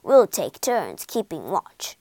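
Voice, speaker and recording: A woman voicing a stern but kindly old male badger who speaks slowly and firmly. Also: on the low side, huge pitch swings, dark tone, no room sound, pitched below the performer's own voice, full character voice.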